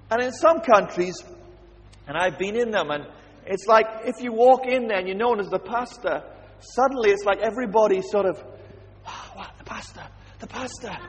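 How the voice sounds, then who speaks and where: A man's voice: sits high, long reverb tail. A man preaching a sermon, emphatic and constantly asking his congregation questions.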